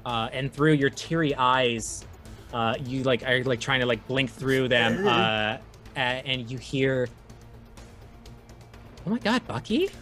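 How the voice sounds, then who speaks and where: A man's voice: mid-range voice, fairly even intonation, bright, forceful tone, faint music behind. Casual man narrating as game master. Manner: casual, many filler words, explains rules quickly. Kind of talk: narrating a tabletop horror game.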